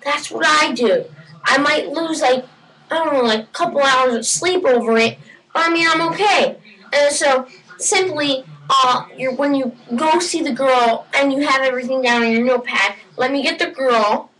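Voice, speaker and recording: A woman delivering a rambling, deadpan mock-advice comedy monologue at home, breaking into sudden shouts, recorded on a computer webcam. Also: high voice. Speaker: comedy vlogger. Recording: distant webcam mic with faint hiss.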